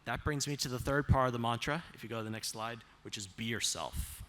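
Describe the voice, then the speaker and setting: Brief: man of mid pitch, presenter with slides, measured and deliberate, stretches key phrases, asks the room rhetorical questions. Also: fairly bright tone. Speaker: self-advocate presenter on autism.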